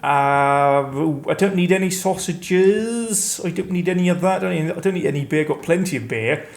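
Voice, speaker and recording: A man's voice: a little high, moderate pace, creaky. A man hosting a let's play, giving rambling, self-mocking gameplay commentary that now and then bursts into panicked outcries.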